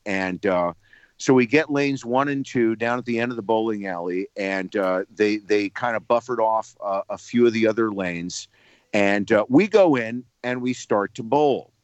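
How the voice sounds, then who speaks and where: A man from New Jersey, a radio personality calling in to tell a lively anecdote, repeating words as he builds up the story. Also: mid-range voice, normal speed, dry recording, lo-fi sound.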